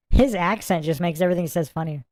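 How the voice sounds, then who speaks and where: A man's voice: a little high, a little mellow, dry recording. A man hosting a casual livestream, reading viewer chat aloud and musing over it. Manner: chatty, muses aloud, reads comments and look-ups aloud.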